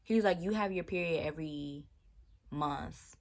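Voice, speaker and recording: A young woman talks straight to the camera, retelling a bad date with lively disbelief and plenty of slang. Her voice sits low for a woman, and she sounds casual and chatty the whole way through. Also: normal speed. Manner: animated, exasperated storytelling with slang. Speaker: vlogger. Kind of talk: casual storytime chat.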